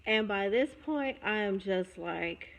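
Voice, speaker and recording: A young adult woman telling a personal story, candid and reflective, pausing and restarting as she goes. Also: medium pitch, animated, lo-fi sound. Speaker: vlogger.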